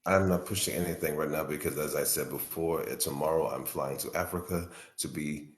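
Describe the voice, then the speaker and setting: A man's voice: rumbling low, steady tone, a little fast. A man in his fifties, a guest on a casual podcast, joking crudely and swearing freely. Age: 50s.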